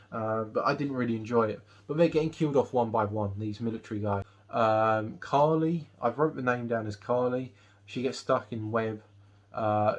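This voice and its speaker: A man's voice: lowish voice, slightly rough. A man giving a casual movie review, recapping the plot in a rambling way with lots of ums and uhs. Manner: rambling recap with many fillers. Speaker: film reviewer.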